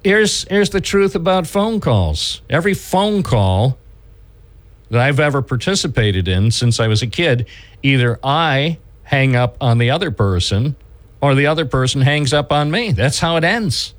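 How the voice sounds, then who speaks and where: A man's voice: medium pitch, animated, unhurried. A man hosting a radio talk show, rambling along and restarting his sentences as he chats with a caller. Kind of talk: casual radio chat.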